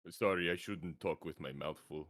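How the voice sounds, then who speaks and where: A man's voice: low-pitched, normal speed, a bit bright. A man playing a tabletop game, speaking tersely and dryly. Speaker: player. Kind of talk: casual tabletop play.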